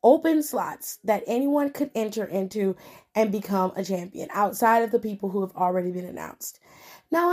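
A woman's voice: mid-range voice, a little mellow. A woman hosting a wrestling podcast, ranting bluntly and with lots of swearing at her listeners. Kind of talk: casual podcast commentary.

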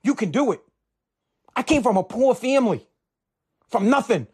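A man's voice: extremely high pitch, animated, normal speed, breathy edge. A man delivering a heated, profane political rant, fired up and repeating himself.

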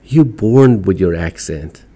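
A middle-aged man from Iran with an Iranian accent, talking as a podcast guest in an animated, emphatic way, with non-native phrasing. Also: sits low, slow pace. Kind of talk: casual interview chat.

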